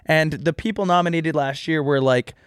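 A man's voice: fairly high pitch, clear, resonant tone, no echo, clean studio sound. A young man co-hosting a podcast, chatting casually with jokes and rambling asides. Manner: joking, rambling, quick asides. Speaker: podcast co-host. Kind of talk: casual chat.

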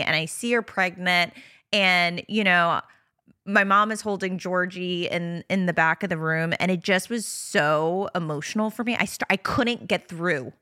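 Chatty bright-voiced woman podcast host. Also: on the low side, no room sound, clean studio sound. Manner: chatty, rambling, laughs often. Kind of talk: casual chat.

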